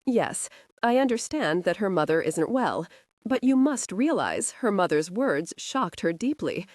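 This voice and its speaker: A woman reading the part of a man who leads an FBI unit, speaking in a calm, firm and steady way. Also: medium pitch, measured pace, dry recording, studio quality.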